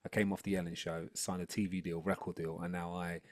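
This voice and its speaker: A rapper and educational consultant talking energetically on a video call webinar, then rapping a picture book. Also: male voice, sits low, fairly quick, no room sound, studio quality. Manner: energetic, upbeat, chatty. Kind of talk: webinar talk and live rap.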